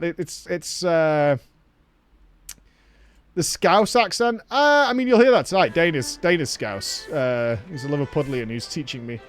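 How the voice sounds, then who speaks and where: Northern English male streamer, swears a lot, rambly banter, bouncy and fairly high voice. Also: expressive, measured pace, dry recording, soft background music. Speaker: streamer reacting to a game. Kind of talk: casual live-stream commentary.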